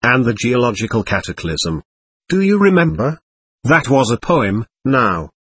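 A man's voice: medium pitch, sing-song, a little slow, fairly bright tone, breathy edge, no room sound, exaggerated voice. A man reading as a sly, mocking male devil who muses ironically and pities himself, in an audiobook of a novel. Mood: teasing. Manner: ironic, theatrical, self-pitying musing.

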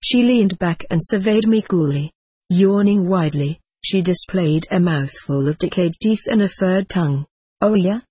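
Husky low-voiced woman narrating. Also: moderate pace, warm tone, no room sound. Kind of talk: audiobook narration.

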